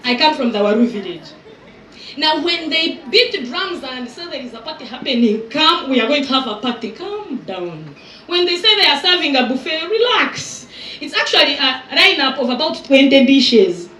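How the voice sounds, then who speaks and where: A woman in her thirties doing live stand-up crowd work as event host, teasing and exaggerating in an animated way. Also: high-pitched, moderate pace, a little hiss or hum. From Uganda. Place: outdoor resort event with audience. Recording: echoey venue sound from far off.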